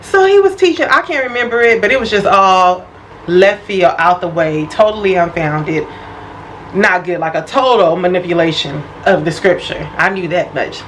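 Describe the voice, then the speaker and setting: A young woman vlogger telling a personal story in an animated, expressive, casual way. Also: on the low side, normal speed, a little hiss or hum, rough recording. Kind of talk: storytime vlog.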